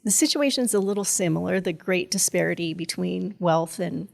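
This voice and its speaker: A woman's voice: lowish voice, moderate pace, vocal fry. A woman guest on a podcast, a cybersecurity strategist talking in a chatty, rambling way, full of fillers and laughs. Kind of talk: casual conversation.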